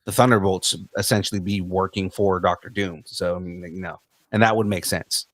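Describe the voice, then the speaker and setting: A man hosting a pop-culture podcast, playful and energetic, with plenty of fillers as he thinks aloud. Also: sits low, moderate pace, dry recording. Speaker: podcast host. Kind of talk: casual chat.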